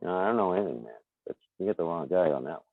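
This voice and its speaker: Low-voiced Boston man on a tinny line. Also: animated, rapid-fire, no room sound. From Boston area, USA. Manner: rambling, chuckling, repeats himself. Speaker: podcast guest. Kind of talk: casual chat. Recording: tinny phone-like call line.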